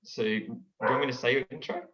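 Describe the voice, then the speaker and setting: A man's voice: mid-range voice, quick pace, fairly bright tone. A young man chatting as a guest on a video call. He is playful and often repeats words as he starts a sentence. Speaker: guest comedian and impressionist. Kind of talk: casual chat over a call. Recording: dull lo-fi call audio.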